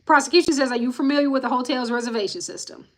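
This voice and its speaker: A woman racing through a live-stream recap of court testimony speaks in a bright, somewhat high voice. After reading each quote plainly, she breaks off with a sigh or a word straight to her viewers, her tone casual and frank the whole way. She's using a live-stream mic.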